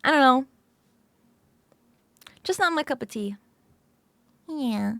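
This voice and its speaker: A woman's voice: high-pitched, expressive, slow, gravelly, a bit bright, no echo. A woman streamer chatting casually with viewers, sleepy and just woken up, laughing often.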